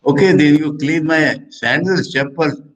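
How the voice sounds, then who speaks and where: A man's voice: fairly high pitch, a little slow, close to an everyday voice. A man with an Indian English accent, a monk voicing a patient, mildly exasperated male guru who gives short instructions in a teaching story.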